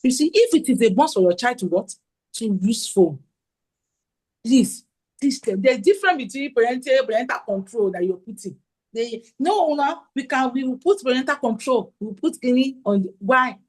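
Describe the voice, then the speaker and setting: Animated woman giving a parenting talk. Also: a little high, normal speed, husky, low-quality recording. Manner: animated, acts out quotes, asks audience questions. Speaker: parenting conference speaker. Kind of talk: conference talk with slides.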